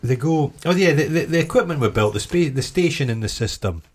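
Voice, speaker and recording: A man's voice: on the high side, lively intonation, brisk, husky. A middle-aged Scottish man co-hosting a podcast, in sweary, jokey casual chat. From Scotland. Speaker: podcast co-host.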